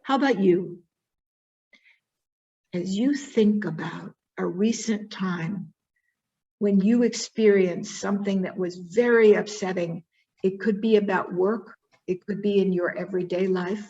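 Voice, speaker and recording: A woman speaking at a summit in a mid-range voice, telling her story with drama and sinking to hushed, soft guidance. The recording sounds dull and lo-fi. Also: mid-range voice, unhurried. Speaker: keynote speaker. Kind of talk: storytelling keynote talk.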